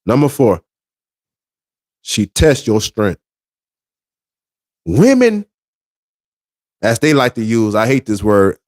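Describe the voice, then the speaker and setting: A man's voice: lowish voice, big pitch swings, slow, long pauses, a little mellow. A man giving relationship advice to other men in an emphatic, preachy monologue, repeating his points. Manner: emphatic, repetitive, street-preacher cadence.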